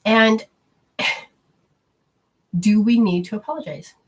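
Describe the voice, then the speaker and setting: A woman's voice: medium pitch, slow pace. A middle-aged woman hosting a spiritual talk show, speaking in a chatty, rambling way and acting out quoted voices. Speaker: spiritual radio host. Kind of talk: casual spoken talk.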